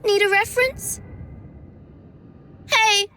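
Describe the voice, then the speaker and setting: High-voiced, unhurried game villainess who taunts her captives with sing-song sarcasm. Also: fairly even intonation, pushed and bright, a little hiss or hum, full character voice. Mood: mocking. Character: mocking treacherous young woman, gleeful villain. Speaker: game character. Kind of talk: video game voice acting.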